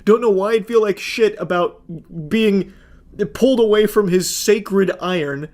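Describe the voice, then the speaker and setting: A man's voice: high voice, unhurried, darkish tone. A man giving casual reaction commentary, sarcastic and swearing freely. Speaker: commentary host.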